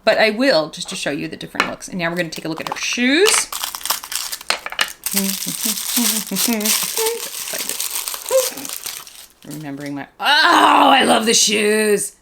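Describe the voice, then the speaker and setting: A woman in her fifties, a doll collector, telling stories and reviewing a doll in a chatty, animated way, full of "like" fillers. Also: low voice, quick pace, hardly any pauses, heavy background noise. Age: 50s. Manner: enthusiastic about the doll. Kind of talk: casual vlog chat and storytelling.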